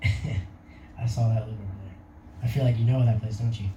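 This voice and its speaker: A man's voice: fairly low pitch, fairly even intonation, moderate pace, echoey room, recorded from a distance, highs cut off, noisy background. Young man giving a rambling testimony. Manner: rambling, casual, laughs often. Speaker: testimony speaker. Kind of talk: personal testimony.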